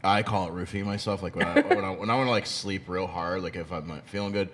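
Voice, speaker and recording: A man co-hosting a podcast in casual chat, halting and restarting a lot as he tells a personal story. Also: fairly bright tone, slight background noise. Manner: halting, stammering restarts, low-key.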